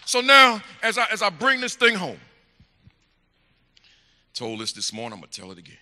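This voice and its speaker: A middle-aged man telling a story from the pulpit in a church, emphatic and animated, swinging to hushed asides. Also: high voice, moderate pace. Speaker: church speaker. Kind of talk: storytelling sermon. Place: church sanctuary. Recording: echoey hall.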